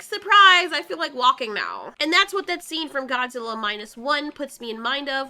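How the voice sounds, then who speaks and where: A woman giving casual, excitable commentary while reacting to a film, laughing often and slipping into playful voiced asides. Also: high voice.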